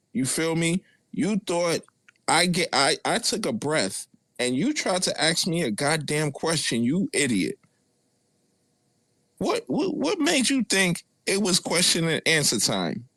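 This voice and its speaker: A man's voice: on the high side, fairly bright tone, no room sound. A man with a Brooklyn accent trash-talking a rival on a live audio chat in a taunting, profane, mocking way. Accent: Brooklyn New York.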